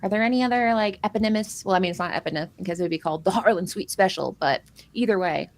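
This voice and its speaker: A woman commentating a live trading card game tournament in a playful, jokey way. She rambles through player introductions with teasing asides, at a middle pitch that suits her. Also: rapid-fire, darkish tone. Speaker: caster.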